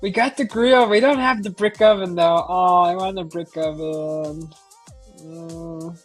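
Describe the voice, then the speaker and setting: A woman's voice: on the low side, steady tone, measured pace, faint music behind. A middle-aged woman hosting a casual live stream, chatting animatedly and asking her viewers lots of questions. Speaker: livestream host.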